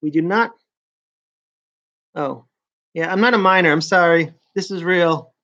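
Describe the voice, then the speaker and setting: A man's voice: fairly high pitch, measured pace, pushed and bright, lo-fi sound. A man hosting his own vlog in casual chat, rambling along with frequent restarts and sentences that trail off. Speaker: vlogger host.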